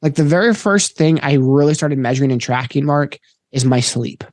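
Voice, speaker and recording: A man's voice: fairly high pitch, moderate pace, darkish tone, no room sound. A man hosting a podcast, talking in a reflective, conversational way. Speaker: podcast host. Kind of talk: casual podcast interview.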